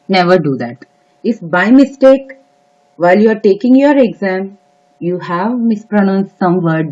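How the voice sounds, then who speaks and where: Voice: medium pitch, darkish tone. Earnest exam tutor, dull lo-fi audio. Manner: earnest, advice-giving, frequent filler pauses. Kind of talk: instructional talk to camera. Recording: dull lo-fi recording.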